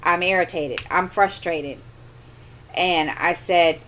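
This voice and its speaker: A middle-aged woman with a fairly low voice talks casually into a desk microphone in her home craft corner. She rambles through an exasperated story and keeps doubling back with asides. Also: animated, slow pace, bright, forceful tone. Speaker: crafting channel host. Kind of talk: casual chat.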